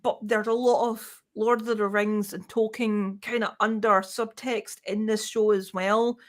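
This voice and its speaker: A woman's voice: mid-range voice, level tone, unhurried. Scottish woman, casual stream co-host, chatty storyteller. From Scotland. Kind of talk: casual live-stream chat.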